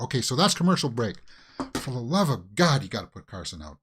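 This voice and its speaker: A reaction video host with a Canadian accent speaks a little fast in a medium-pitched, fairly bright voice with big pitch swings, pleading with and exasperatedly talking back at the screen during a casual watch-along. Slight background noise is present.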